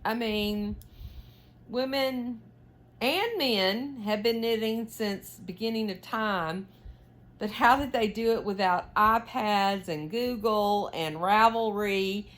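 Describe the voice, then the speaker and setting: A tired woman with a twang chats while she knits. She talks slowly and easily, with lots of "uh"s, and keeps asking her viewers questions. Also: mid-range voice, a bit bright. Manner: chatty, many fillers, asks viewers questions. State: yawning, tired. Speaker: knitting vlogger. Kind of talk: casual chat while knitting.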